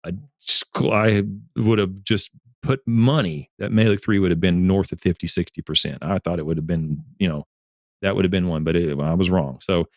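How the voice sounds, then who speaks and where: Male turf scientist guest, low voice, earnest, animated storyteller, dry sound. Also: moderate pace, no echo. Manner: earnest, repeats words and restarts phrases. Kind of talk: casual livestream discussion.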